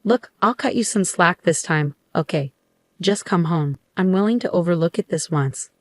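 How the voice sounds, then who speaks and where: Scornful bossy husband, grown man, storybook reading, woman narrator voicing him, dry close sound, lowish voice. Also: animated, normal speed, no room sound, lightly acted. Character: angry condescending husband, adult man.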